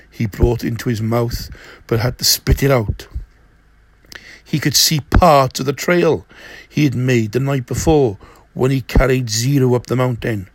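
A man reading a novel aloud in a slow, steady way, with an occasional slip. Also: medium pitch, no room sound. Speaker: narrator.

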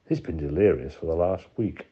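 A man's voice: extremely low pitch, moderate pace, husky. A man voicing a cold, lying woman camp warden in an audiobook, curt and defensive. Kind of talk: audiobook character voice. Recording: dull lo-fi recording.

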